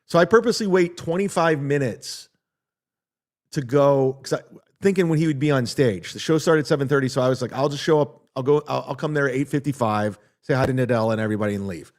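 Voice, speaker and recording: A man's voice: medium pitch, fast, a little mellow. A middle-aged man, a comedian hosting his own show, telling a story in a blunt, profane, aggrieved casual rant.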